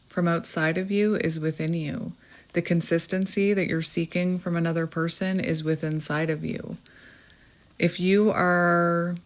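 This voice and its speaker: A woman in her thirties with a Canadian accent, giving a reflective, meandering spiritual tarot reading to her viewers. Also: fairly low pitch. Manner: gentle, reflective, meandering with fillers. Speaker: tarot reader.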